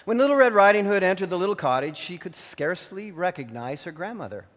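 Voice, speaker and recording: A man's voice: sits high, sing-song, fast, fairly bright tone. A man preaching a sermon as pastor in an earnest, warning manner, also narrating a story. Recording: long hall reverb.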